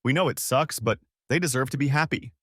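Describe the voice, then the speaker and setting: A man's voice: medium pitch, a little fast, fairly bright tone, dry recording, clean studio sound, pitched above the performer's own voice, lightly acted. A man voicing a conciliatory male friend who talks in a mild, soothing, reasoning way. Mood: placating.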